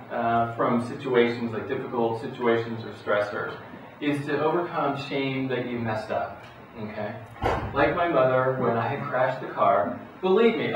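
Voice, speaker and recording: A middle-aged man giving a talk to parents in a folksy, relaxed way, full of restarts and acted-out quotes. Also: mid-range voice. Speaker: psychologist speaking to parents. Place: school hall or auditorium. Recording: echoey hall, voice far from mic, dull sound, noisy.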